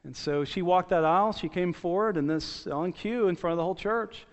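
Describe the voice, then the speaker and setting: Guy pastor preaching, earnest, kinda high voice, long church echo, muffled sound. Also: fairly quick, few pauses. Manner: earnest, repeats his points, frequent restarts. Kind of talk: sermon.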